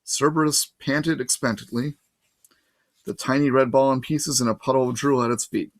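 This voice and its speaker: A man reading a children's novel aloud in steady, even storytelling. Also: mid-range voice, normal speed, dry recording. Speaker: reader.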